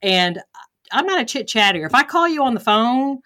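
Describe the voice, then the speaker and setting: Bright-voiced woman host telling a candid story. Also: a little high, very animated, normal speed. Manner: candid, self-deprecating, acts out her own thoughts. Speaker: podcast host. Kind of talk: personal story in a podcast interview.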